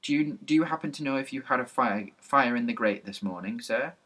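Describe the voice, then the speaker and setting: A man voicing a bossy village policeman who barks orders and shouts at children. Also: medium pitch, fairly quick, close to an everyday voice. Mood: gruff.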